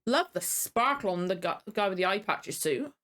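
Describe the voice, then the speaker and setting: Woman hosting a reaction video, rambling, apologetic, tired, average pitch. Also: lively intonation, normal speed, a bit bright. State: tired and yawning. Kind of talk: casual reaction commentary.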